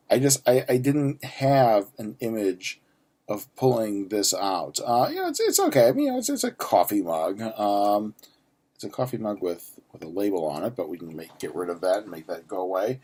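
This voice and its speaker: A man's voice: on the low side, a little mellow, husky. A man in his forties unboxing a geek subscription box, ranting and swearing freely with many restarts and stammers. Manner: ranty, profane, sarcastic, frequent restarts. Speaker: unboxing vlogger. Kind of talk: casual unboxing chat.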